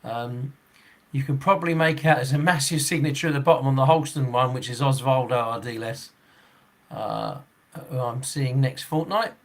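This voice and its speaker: A man's voice: medium pitch, moderate pace. A man in his sixties, a football referee hosting a podcast, chatting casually in a rambling way, chuckling often and restarting his sentences. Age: 60s.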